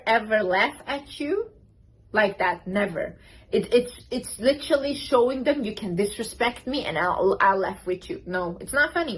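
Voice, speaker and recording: A woman's voice: fairly high pitch, breathy edge, low-quality recording. A woman vlogger giving self-confidence advice in a casual, emphatic way, blunt and repeating words for stress. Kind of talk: casual direct-to-camera advice.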